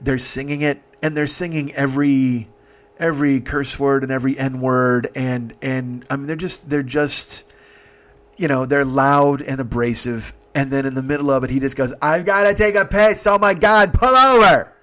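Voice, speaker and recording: A man's voice: medium pitch, level tone, moderate pace. A man in his forties, a comedian, telling a rambling, profane, exasperated comic story. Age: 40s. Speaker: comedian host.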